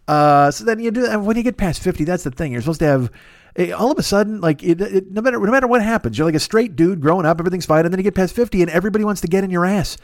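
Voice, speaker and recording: A man's voice: high-pitched, very fast, no echo, clean studio sound. A man in his fifties riffing in a rambling, profane comedy monologue, laughing at his own jokes. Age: 50s. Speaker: podcast host.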